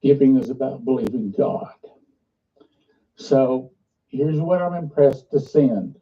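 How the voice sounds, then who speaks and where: Man, ministry leader, earnest fundraising appeal, halting delivery, distant mic, dull sound. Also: medium pitch, animated. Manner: earnest, halting, restarts often. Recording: muffled, distant played-back clip.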